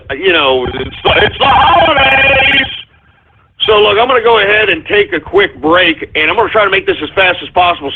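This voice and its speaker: An agitated man hosting a live radio show, cursing and stumbling through restarts and fillers. His voice is fairly high and comes through a thin, phone-like line. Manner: agitated, swearing, rambling with many fillers. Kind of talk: live call-in radio rant.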